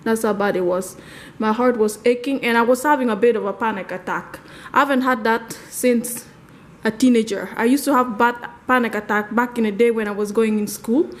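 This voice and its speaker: A woman talking casually through a life-update vlog at home in her kitchen, rambling and laughing often. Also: fairly high pitch. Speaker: vlogger.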